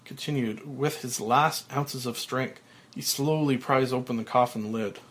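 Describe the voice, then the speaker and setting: A man's voice: mid-range voice, normal speed. Man reading stage directions, matter-of-fact. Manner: steady, matter-of-fact, with small slips. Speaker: podcast host reading a film script.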